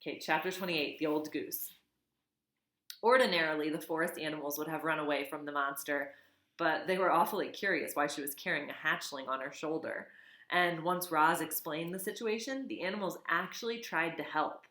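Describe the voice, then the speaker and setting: A woman reading a children's novel aloud, expressive, with casual asides. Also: deep voice, moderate pace. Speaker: reader. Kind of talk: storybook read-aloud. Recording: echoey room.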